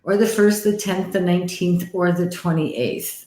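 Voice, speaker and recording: A woman from Canada, a psychic medium hosting a live-stream card reading, chatty and animated, with frequent laughter. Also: lowish voice, a little slow, roomy sound.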